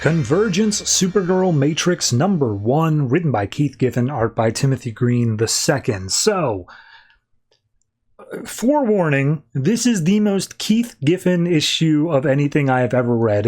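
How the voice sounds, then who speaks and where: Male podcast host, highish voice, casual and wry comic recaps. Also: darkish tone. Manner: offhand, wry, slips into quick character voices.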